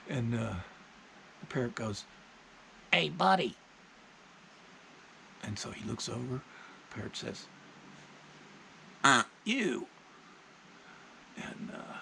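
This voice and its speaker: Gravelly man talking plainly. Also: mid-range voice, slight background noise, poor audio. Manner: plainspoken, unhurried storytelling. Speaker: vlogger. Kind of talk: casual spoken monologue.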